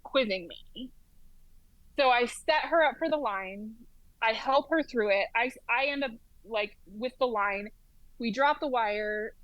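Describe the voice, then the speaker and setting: A woman working as a flight nurse practitioner, telling stories as an interview guest in a lively way, with lots of "like" and "um". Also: fairly high pitch, no echo, dull audio. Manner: lively storyteller, heavy use of "like" and "um". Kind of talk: casual storytelling in an interview.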